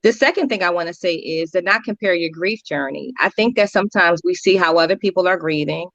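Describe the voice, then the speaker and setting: A woman guest counselor talking earnestly in an interview, telling stories with lively repetitions. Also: fairly low pitch, fairly quick, creaky, no echo. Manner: earnest, animated storytelling with repetitions. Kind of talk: conversational interview talk. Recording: dry, dull lo-fi audio.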